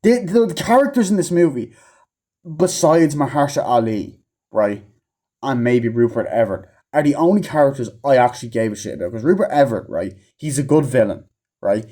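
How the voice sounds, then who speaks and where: Mellow-voiced man ranting in a profane review. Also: medium pitch, expressive, a little fast. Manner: profane, rambling, acts out characters' lines in a raised voice. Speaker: movie reviewer. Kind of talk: casual rambling movie review.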